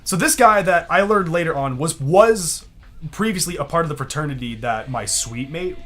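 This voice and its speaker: A man's voice: on the high side, normal speed. A young man on a podcast, casually telling a long story, acting out what people said and laughing often. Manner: animated, acts out quotes in other voices, laughs often. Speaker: podcast co-host.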